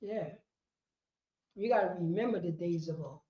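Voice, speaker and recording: A woman teaching a history class, lecturing emphatically, repeating herself and rising to shouts. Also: lowish voice, normal speed. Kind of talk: street-preaching lecture. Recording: roomy, dull lo-fi sound.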